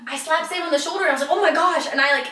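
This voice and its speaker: Woman, young adult, casual podcast chat, self-mocking, fairly high voice, echoey room. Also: fairly even intonation, rapid-fire, sharp tone. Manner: chatty, self-mocking, laughs often. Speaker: podcast co-host. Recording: echoey room, mic at a distance.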